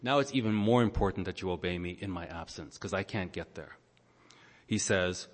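Man, preacher, sermon, teacherly scripture explanation, fairly low voice, long hall echo. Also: expressive. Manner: teacherly, explains Greek grammar, pauses on words. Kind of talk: sermon with Bible exposition. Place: church or large meeting hall.

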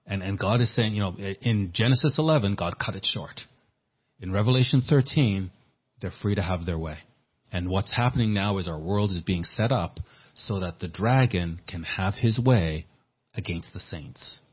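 Male pastor, husky and earnest, repeats words mid-sermon; muffled, lo-fi capture. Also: low-pitched, normal speed. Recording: dull lo-fi sermon recording.

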